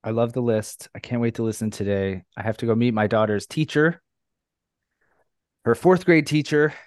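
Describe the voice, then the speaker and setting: A man's voice: medium pitch, normal speed, a little mellow, no echo, studio quality. A middle-aged man hosting a podcast, chatting in a rambling way and laughing often. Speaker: podcast host. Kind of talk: casual podcast chat.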